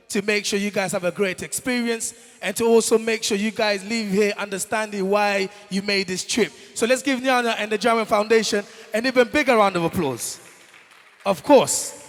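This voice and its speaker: A young man from Congo hosting a live event as a comedian, telling stories and talking straight to the crowd on stage in a large hall. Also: high-pitched. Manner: animated, addresses the crowd directly. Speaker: comedian host. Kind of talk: stand-up storytelling at a live event. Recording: long hall reverb.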